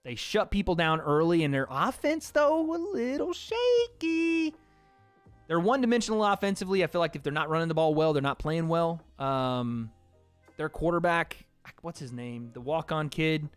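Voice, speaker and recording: A man's voice: on the high side, a little fast, smooth, no echo, soft background music. Give me a laid-back young man reading stream donations. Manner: laid-back, laughs often, swears casually. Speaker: livestream host reading donations. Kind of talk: casual livestream chat.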